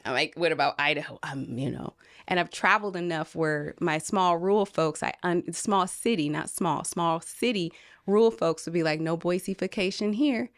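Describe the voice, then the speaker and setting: A woman from California talking earnestly as a podcast guest, animated and quoting people in different voices. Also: fairly low pitch, moderate pace, no room sound. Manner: earnest, animated storytelling, quotes others in voices. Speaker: podcast guest, film producer. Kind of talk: casual conversation.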